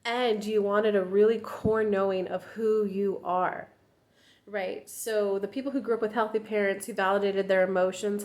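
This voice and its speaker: Speaking candidly at a normal speed, a relationship coach in her thirties addresses her viewers in a casual, direct way. Her pitch jumps up whenever she acts out quoted voices.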